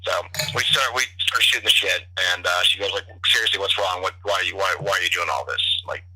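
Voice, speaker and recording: A man's voice: deep voice, fast talker, sharp tone, a little hiss or hum. A young man telling stories in casual, profane chat, rambling with many restarts, heard through a phone call. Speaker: podcast guest, bartender. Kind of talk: casual storytelling over the phone. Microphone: telephone. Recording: tinny phone line.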